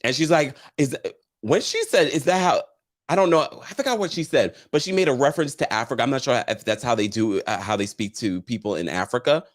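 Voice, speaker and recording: A man hosting a casual reality TV recap, chatty and animated, reading viewer comments aloud and laughing often. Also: medium pitch, brisk. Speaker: host.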